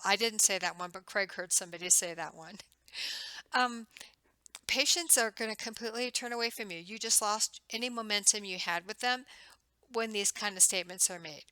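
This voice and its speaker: A woman's voice: mid-range voice, moderate pace, sharp tone, clear, resonant tone, no echo, rough recording. A woman instructor giving a recorded lecture in a conversational way, acting out the questions she would ask patients. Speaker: nursing instructor.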